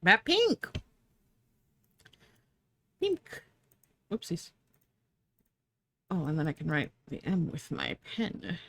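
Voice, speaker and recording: A woman's voice: low voice, unhurried, gravelly, pauses often, husky, dry recording. A young woman streaming live, chatting casually with viewers while she draws, sleepy and yawning. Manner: chatty, bubbly, talks to chat and herself.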